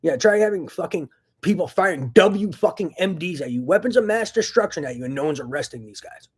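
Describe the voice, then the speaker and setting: A man ranting angrily into the camera in a profane, agitated monologue, swinging between loud outbursts and low muttering. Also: expressive, a little fast, slightly rough. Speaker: vlogger.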